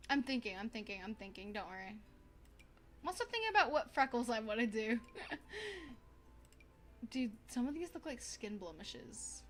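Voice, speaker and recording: A young woman streaming a life-sim game, chatting casually to viewers in a bubbly, excitable way, gasping and repeating herself. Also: a little high, measured pace, long pauses, soft background music. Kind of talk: casual gaming stream chat.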